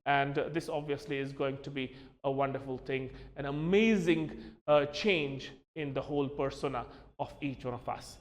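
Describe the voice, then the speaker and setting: A man's voice: medium pitch, moderate pace, in a large hall. A man teaching a spoken English lesson, spelling words out letter by letter and calling his listeners "my dear friends". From Kashmir.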